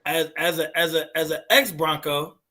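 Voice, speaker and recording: A man, a former pro football player, co-hosting a casual sports chat in a loose, slangy, excitable way. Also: fairly high pitch, normal speed.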